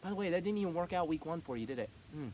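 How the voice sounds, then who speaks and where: A man's voice: on the high side, animated, rapid-fire, darkish tone, a little hiss or hum. A man running a fantasy football league, talking casually and teasing the other players with cocky trash talk.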